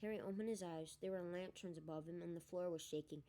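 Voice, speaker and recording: Mellow, low woman reading a story. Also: fast talker. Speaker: audiobook reader. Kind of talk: storybook narration.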